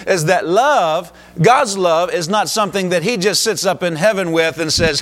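A man's voice: sits high, moderate pace, few pauses, a bit bright. A man from the United States preaching a sermon as pastor, emphatic, with rising exclamations.

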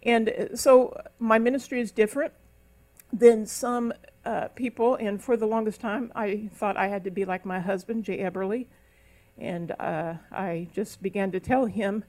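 A woman's voice: medium pitch, fairly even intonation, moderate pace, darkish tone. A middle-aged woman minister preaching a sermon at a church service, sometimes speaking in tongues and rising into emphatic calls.

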